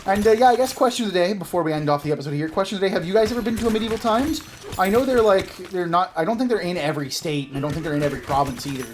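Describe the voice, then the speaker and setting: A man's voice: high voice, rapid-fire, a little hiss or hum. A man in his thirties from Canada, rambling and self-mocking as he tells a story while commentating a video game. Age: 30s. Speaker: gaming video host. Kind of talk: casual gameplay commentary with storytelling.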